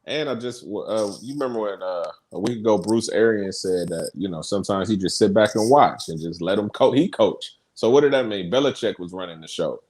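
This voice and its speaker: A man co-hosting a casual podcast, chatting about sports and news in an animated, storytelling way and quoting others. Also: lowish voice, a little fast, hardly any pauses. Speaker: podcast co-host. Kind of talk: casual chat and sports talk.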